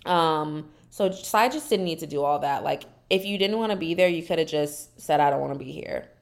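A woman's voice: low voice, moderate pace. A woman hosting a podcast on her own, chatting casually and sassily, acting out other people's lines in exaggerated voices. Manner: animated, sassy, acts out quotes in exaggerated voices. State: dry mouth. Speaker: podcast host. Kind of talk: casual solo recap chat.

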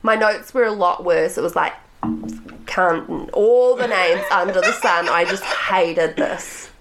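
A woman's voice: on the low side, slow, music in the background. A woman co-hosting a podcast, blunt and laughing often, swearing freely in casual chat. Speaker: podcast co-host.

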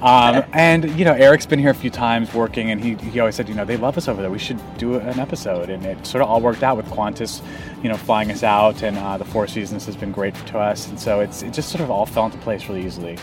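A man's voice: fairly low pitch, fairly even intonation, fast, distant mic, music in the background. A man, an actor guest, chatting casually in an interview with a lot of restarts and easy laughter.

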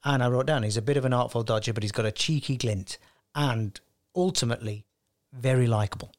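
A man hosting a casual podcast chat, jokey and quick to laugh. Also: mid-range voice. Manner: animated, laughs often, jokey. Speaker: podcast host.

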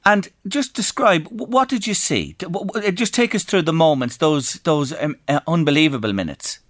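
Earnest Irish radio host, dry studio sound. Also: male voice, fairly high pitch, expressive, normal speed, no echo. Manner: gentle, earnest, emotional. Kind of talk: radio talk show.

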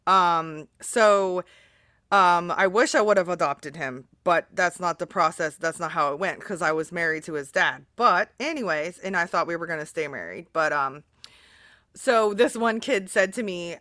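A woman's voice: lowish voice, expressive, moderate pace, sharp tone, no room sound, studio quality. A woman hosting a podcast interview, talking in a rambling, earnest way with many fillers. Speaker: podcast host. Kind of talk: casual interview chat.

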